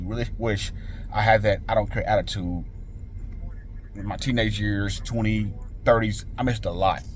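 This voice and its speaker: A man's voice: fairly low pitch, darkish tone, a little hiss or hum. A man in his forties hosting a motivational channel, talking earnestly and informally about letting go of emotions. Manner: earnest, repetitive, informal slang. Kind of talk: casual motivational monologue.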